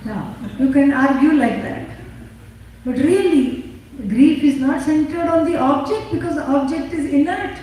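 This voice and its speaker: A high-voiced woman lecturing on scripture, her mellow tone carried through a very echoey hall. She asks questions and answers them herself, with dry humor. She is recorded from far off on a phone in the audience, with a faint hiss behind her. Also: unhurried. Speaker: spiritual teacher.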